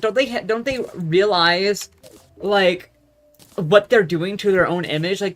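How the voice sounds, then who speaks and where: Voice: mid-range voice, a bit bright, slight background noise. A young adult vlogger telling a story in a casual, profane, rambling rant that keeps losing its thread. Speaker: gaming vlogger.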